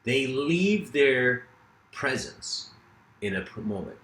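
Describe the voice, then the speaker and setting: Man, mid pitch, casual lecture, rambling storyteller, roomy echo, faint ambience. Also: sing-song, slow pace, a bit bright. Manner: loose, rambling, many fillers, laughs at own story.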